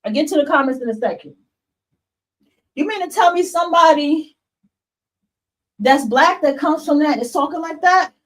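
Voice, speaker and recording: A woman's voice: high voice, lively intonation, moderate pace, long pauses, distant mic, poor audio. A woman hosting a livestream podcast, talking bluntly and passionately to her viewers, swearing and calling them y'all. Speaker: podcast host. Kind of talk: livestream monologue to chat.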